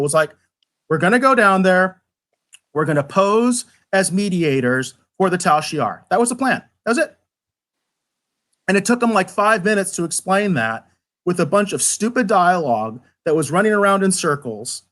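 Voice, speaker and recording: A man talking casually as co-host of a live review show, animated and rambling, often restarting his sentences. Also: a little high. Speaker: podcast co-host.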